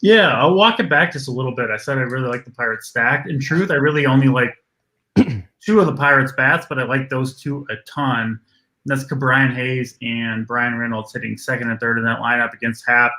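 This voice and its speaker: A man giving sports betting picks on a live show, measured and thinking aloud, hedging his calls. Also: medium pitch, bright, forceful tone, rough recording. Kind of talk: casual analytical chat.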